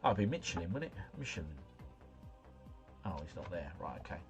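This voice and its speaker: A man's voice: low voice, sing-song, a little fast, soft background music. A man hosting a livestream, casually thinking aloud through quiz answers in a slangy, rambling way. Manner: chatty, musing aloud, slangy. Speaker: livestream host.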